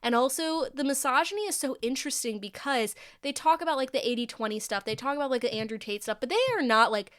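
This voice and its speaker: A woman's voice: high-pitched, fast, few pauses, fairly bright tone. A young adult woman co-hosting a podcast, chatting casually and thinking aloud with lots of filler words. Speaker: podcast co-host. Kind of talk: casual chat.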